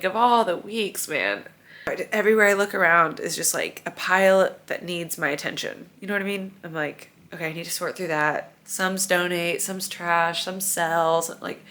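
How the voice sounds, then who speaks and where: A woman's voice: mid-range voice, fairly bright tone. A woman in her thirties, a vlogger and mother, talking in a tired, emotional, rambling way at home in her apartment during a move. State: weary and overwhelmed. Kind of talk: confessional vlog chat.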